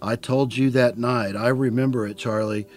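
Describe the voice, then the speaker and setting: Man reading as a sure-of-himself dad, earnest, insistent, middle-pitched, faint music. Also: fairly even intonation, moderate pace, natural voice. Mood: earnest father. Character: steady, sure-of-himself older foster father.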